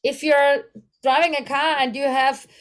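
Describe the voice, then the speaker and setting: A woman's voice: high-pitched, little pitch movement, unhurried. A woman with a German accent teaching a voice workshop, searching for English words and demonstrating vocal exercises. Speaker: voice coach.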